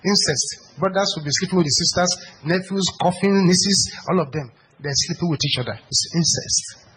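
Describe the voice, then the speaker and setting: Male preacher, higher register, punchy and repetitive delivery, faint noise behind. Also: low-quality recording. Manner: emphatic, repetitive, rises to shouted prayer. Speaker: pastor. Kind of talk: sermon.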